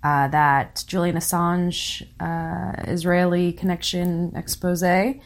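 A worn-out woman hosting her own show, talking in a halting way with nervous laughs, close to tears. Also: lowish voice, flat delivery. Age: young adult to middle-aged parent. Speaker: podcast host. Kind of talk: casual solo commentary reading listener comments.

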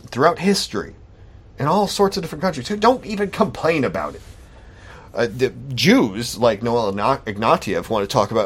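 A man's voice: mid-range voice, slightly rough. A man hosting a solo podcast, talking in a sarcastic, mocking commentary style. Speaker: podcast host.

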